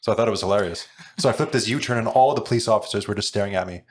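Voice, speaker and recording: A man from Canada hosts a casual podcast, talking briskly in a lowish voice. He tells chatty personal anecdotes in an easy conversational way. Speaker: podcast host.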